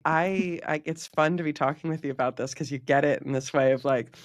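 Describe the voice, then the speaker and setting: A man with a somewhat high voice answers interview questions casually, leaning on "like" and slipping into quick impressions of remembered conversations. His delivery is relaxed and talkative, and the sound is dry and close, with no room echo. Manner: chatty, heavy use of "like", acts out quoted dialogue. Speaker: podcast guest, community manager.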